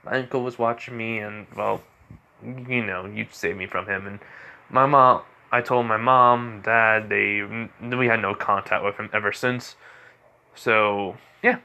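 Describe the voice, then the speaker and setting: A man narrating an amateur fan story, voicing a shy, earnest teenage girl who talks in a hesitant, halting way. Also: lowish voice, steady tone, creaky, exaggerated voice. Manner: hesitant, halting, soft-spoken.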